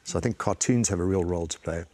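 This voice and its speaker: Talk-show guest: man, lowish voice, easygoing storyteller. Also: fast talker. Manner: relaxed anecdotal storytelling. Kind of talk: casual talk show chat.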